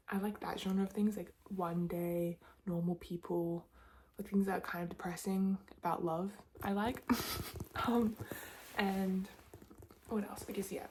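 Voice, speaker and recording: A young Australian woman in her twenties, rambling through a whispered ASMR Q&A between soft spoken and whispered words, with lots of "like" fillers. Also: fairly low pitch, noisy background. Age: 20s. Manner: rambling, chatty, many "like" fillers. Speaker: ASMR creator. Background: tapping clicks.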